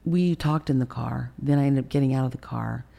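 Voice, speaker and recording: Interview guest: woman in her sixties, very low gravelly voice, blunt, profane storyteller. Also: a little fast, mellow. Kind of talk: candid storytelling in a podcast interview.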